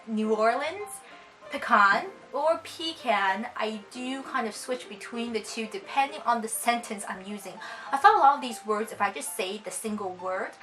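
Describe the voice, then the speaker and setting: A young woman with a Canadian accent, whose first language is Cantonese, talks in a bright, fairly high voice. She chats casually to her viewers and reads a list of words one by one. Soft music plays quietly underneath. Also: poor audio. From China. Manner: chatty, reads a word list one word at a time. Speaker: vlogger. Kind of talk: casual chat.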